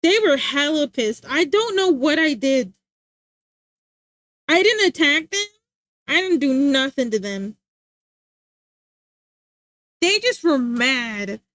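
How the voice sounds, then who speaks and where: A woman's voice: sits high, very animated, slow pace, long pauses, a bit bright, no echo, studio quality. A young woman streamer chatting casually, rambling and laughing often.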